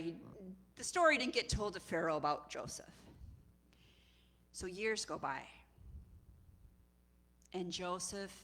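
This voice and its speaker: A woman preacher giving a sermon, retelling a story in a lively, conversational way and acting out its characters. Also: lowish voice. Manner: animated, conversational storytelling with acted voices. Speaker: executive director and preacher.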